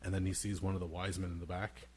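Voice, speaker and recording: A man with a fairly low voice chats casually on a podcast, spinning stories about his toddler. He breaks into a squeaky child voice for his son's lines, then drops back to his easy storytelling tone. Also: fast talker, slightly rough. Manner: animated storyteller, acts out his toddler son in a high voice. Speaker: podcast co-host.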